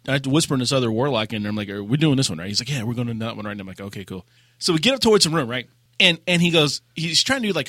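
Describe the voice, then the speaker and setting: A man co-hosting a casual gaming podcast, telling a raid story with lively acted-out quotes and laughter. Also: medium pitch, no room sound, studio quality. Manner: animated storyteller, acts out quotes. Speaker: podcast co-host.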